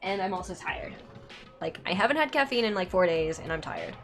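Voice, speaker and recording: A woman's voice: on the low side, expressive, brisk, fairly bright tone. A woman giving casual gameplay commentary in a rambling, scattered way, swearing freely. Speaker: let's play gamer. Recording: game music behind.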